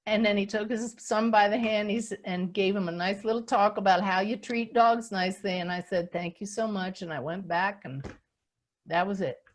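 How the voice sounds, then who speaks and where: Animated older woman telling a story. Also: medium pitch, normal speed. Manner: animated storyteller, acts out scenes. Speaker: spiritual teacher and host. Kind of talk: storytelling talk on a webinar.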